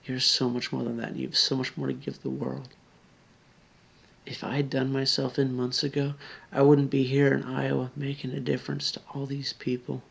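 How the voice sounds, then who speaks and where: Drunk man, near tears, gravelly slurred pleading that sinks to whispers. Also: mid-range voice, completely flat delivery, normal speed. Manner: earnest, pleading, drops to whispers. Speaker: video blogger. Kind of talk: emotional direct-to-camera appeal.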